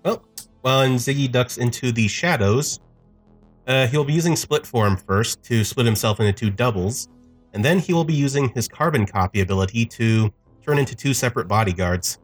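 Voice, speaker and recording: Guy playing a tabletop game, just explaining his moves, pretty even. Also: mid-range voice, normal speed, slightly rough, soft background music. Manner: matter-of-fact, explaining. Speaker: player.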